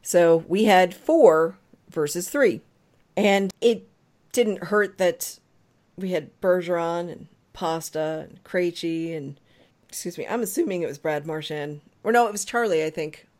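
A woman's voice: lowish voice, unhurried, darkish tone. A woman co-hosts a sports podcast in a chatty, emphatic way. She laughs often and breaks down the game with plenty of energy. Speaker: podcast co-host. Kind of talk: casual sports podcast chat.

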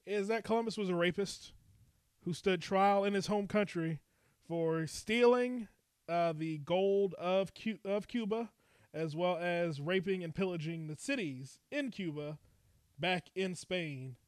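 A man's voice: high-pitched, measured pace, clear, resonant tone, no room sound. A man hosting a comedy podcast, announcing segments and laughing often in casual banter, recorded in a home basement studio. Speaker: podcast host.

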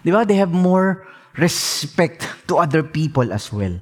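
Animated Filipino preacher man. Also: fairly high pitch, unhurried. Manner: animated, switches between languages, acts out quoted dialogue. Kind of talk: sermon.

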